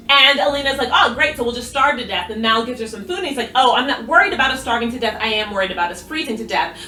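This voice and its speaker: Woman, high bright voice, excitable fan recap, roomy distant sound with faint music behind. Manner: excitable, animated, swearing freely. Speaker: recap youtuber. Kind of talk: casual recap chat.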